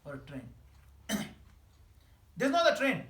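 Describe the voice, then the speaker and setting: A man giving a scripture class in a temple hall, animated and emphatic, laughing at his own examples. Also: very high voice, measured pace. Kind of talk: scripture class lecture answering questions. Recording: echoey hall with faint ambience.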